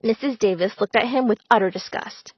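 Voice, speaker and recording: A woman narrating a first-person story in a dramatic, expressive way. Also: fairly high pitch, fairly quick, breathy edge, no room sound. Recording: slightly dull, dry recording.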